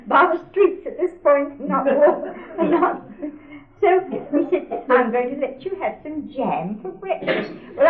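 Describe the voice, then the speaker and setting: An older woman recounting a personal memory for an oral history, wry and often laughing as she quotes others. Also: high voice. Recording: tinny, echoey archival tape.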